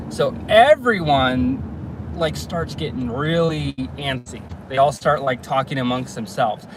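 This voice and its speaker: A man's voice: mid-range voice, animated, a little slow. A young man telling a story casually while he drives, full of fillers and restarts. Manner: rambling, casual, many fillers. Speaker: vlogger. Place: car, driving. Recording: clear road and traffic noise.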